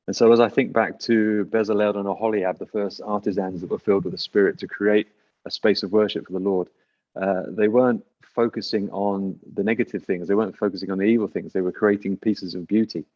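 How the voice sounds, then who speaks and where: A man hosting an online church discussion over a video call, relaxed and joking as he invites each person to speak. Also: on the low side, dull audio. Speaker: church host.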